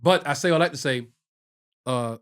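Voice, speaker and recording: A man's voice: mid-range voice, moderate pace. A middle-aged man co-hosting a casual podcast, telling stories and acting out the voices of people he quotes. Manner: animated storyteller, acts out quoted relatives. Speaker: podcast co-host. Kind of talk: casual storytelling chat.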